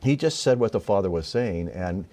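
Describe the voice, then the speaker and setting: A man, a minister, telling a spiritual story in an interview, earnest and halting with frequent restarts. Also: low-pitched, expressive, warm tone.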